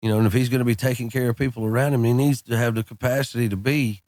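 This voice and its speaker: A man in his thirties, a guest on a podcast, telling relaxed anecdotes in casual chat. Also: medium pitch, racing, dry recording, studio quality. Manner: laid-back, drawling anecdotes peppered with "man" and "dude". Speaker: podcast guest, country singer.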